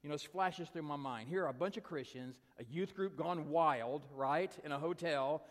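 A man preaching as a storytelling speaker, animated and acting out the dialogue, with frequent restarts. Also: on the high side, normal speed, big-room sound. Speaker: guest teacher at a youth event. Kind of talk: storytelling sermon.

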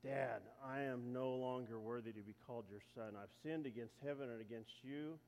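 A man's voice: medium pitch, normal speed, creaky, darkish tone, lightly acted. A man voicing a repentant, starving young son, humble and pleading, in a reverberant hall. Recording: echoey hall.

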